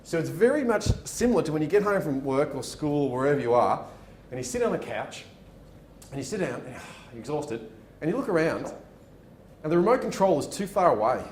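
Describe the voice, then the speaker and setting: A man giving a motivational talk, acting out the people in his stories. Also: fairly quick. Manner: animated, acts out dialogue in his stories. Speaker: motivational speaker. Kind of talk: storytelling keynote talk. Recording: echoey room with faint rumble.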